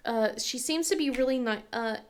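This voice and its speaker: A woman in her thirties chatting casually as a crafting channel host, rambling and halting with lots of fillers and restarts. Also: on the high side. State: tearful at times. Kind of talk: casual chat.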